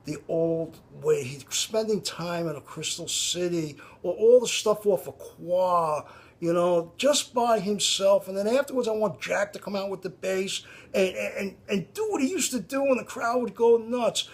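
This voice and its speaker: A man's voice: sits high, unhurried. A man making a casual, rambling appeal to a band, full of restarts and repeated "you know". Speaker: fan addressing a band. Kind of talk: casual direct-to-camera appeal.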